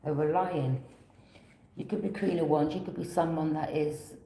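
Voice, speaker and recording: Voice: medium pitch, steady tone, moderate pace, warm tone, reverberant, a little hiss or hum, rough recording. A tarot reader giving a casual reading, rambling, repeating phrases and offering loose alternatives.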